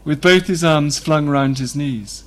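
Male reader, slightly high-pitched, steady literary narration. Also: unhurried. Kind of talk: reading a novel aloud.

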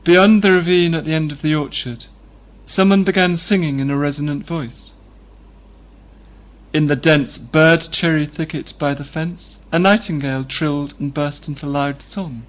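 Male reader, slightly high-pitched, steady literary narration. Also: moderate pace. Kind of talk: reading a novel aloud.

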